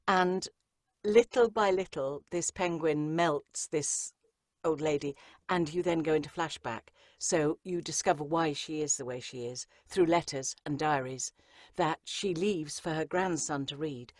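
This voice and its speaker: A chatty woman narrator with a low-pitched voice speaks in a lively, rambling way, full of ums and asides. The sound is close and dry, with no room around it. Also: no room sound. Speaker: audiobook narrator, guest. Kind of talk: conversational interview answers.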